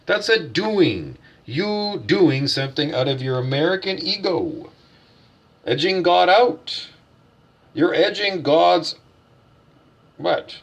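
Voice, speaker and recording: A man with a husky, gravelly voice rants like a preacher in a vlog, firing questions at himself and answering them bluntly, swearing freely. His voice sits slightly high for a man. The recording sounds dull and muffled. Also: very animated, takes it slowly, a bit bright. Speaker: self-styled spiritual teacher. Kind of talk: ranting vlog monologue.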